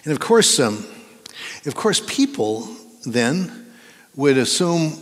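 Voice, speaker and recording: A middle-aged male pastor preaching in a church, his slightly high voice rising and falling with lively, animated swings. He talks in a loose, conversational way and coaxes his listeners to take part. The sound carries a long reverb from the sanctuary. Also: a little slow. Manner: conversational, playful, coaxing the congregation. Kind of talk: sermon.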